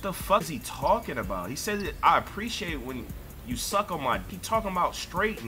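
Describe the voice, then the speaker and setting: A young man giving profane, excitable live commentary while playing a video game, ranting and breaking into sudden shouts. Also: a little high, fairly quick, faint music behind. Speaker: gaming streamer.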